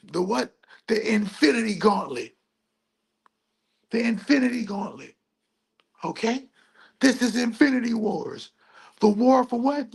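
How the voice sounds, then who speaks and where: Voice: medium pitch, creaky, husky. A spiritual video host in a rambling monologue, asking and answering their own questions with playful wordplay and repeating phrases in a sing-song rhythm.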